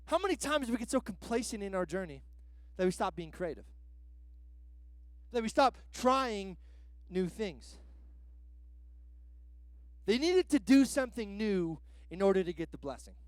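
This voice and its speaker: A man's voice: high voice, big pitch swings, unhurried, pauses often, no room sound. A man preaching a sermon as a guest pastor, in a casual, slangy way that is full of "like" fillers.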